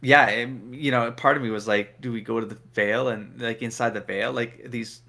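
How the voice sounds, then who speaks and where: Man, gravelly and bright-toned, speculative casual fan chat with laughs. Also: mid-range voice, fairly even intonation, brisk. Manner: speculative, laughs through his words. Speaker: discussion panelist.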